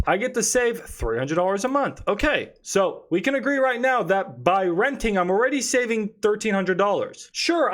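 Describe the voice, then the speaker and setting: A real estate investor explaining home-buying costs in an animated, exclamatory way, working through the numbers out loud. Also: male voice, high-pitched. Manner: animated, exclamatory, calculating aloud. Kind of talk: explanatory money lesson.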